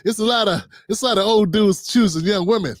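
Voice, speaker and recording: A middle-aged man with a high, light voice hosts a loose, playful talk show full of slang and banter. The sound is dry and close, with no room around it. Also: fairly quick, no echo. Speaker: political talk show host. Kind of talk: casual livestream commentary.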